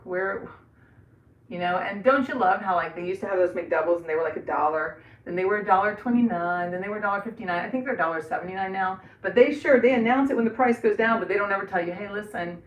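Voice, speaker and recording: Middle-aged woman host, casual rambling live chat, heard from a little away in an echoey bathroom. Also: medium pitch. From Florida. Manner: chatty, rambling, laughs often. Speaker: livestream host. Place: indoors in a bathroom. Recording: echoey room, voice from some distance.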